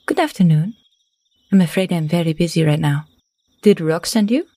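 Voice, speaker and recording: A woman game master voicing a small, mousy woman who is cautious and guarded, with a soft, airy voice. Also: lowish voice, animated, normal speed, no room sound. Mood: wary. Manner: polite but cautious.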